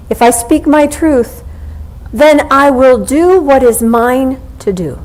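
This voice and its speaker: A woman minister delivers a sermon as if chatting with her congregation, weaving in personal stories. Her voice sits a little high. She slows down and pauses deliberately on her key points. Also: expressive, a little mellow, low-quality recording. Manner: conversational, anecdotal, with slow deliberate pauses.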